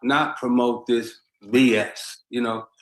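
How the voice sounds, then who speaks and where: A man's voice: medium pitch, fairly even intonation, slow pace, reverberant, low-quality recording. A man talking as a podcast guest, making his point emphatically and insistently. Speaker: podcast guest, former basketball player. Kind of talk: casual podcast talk.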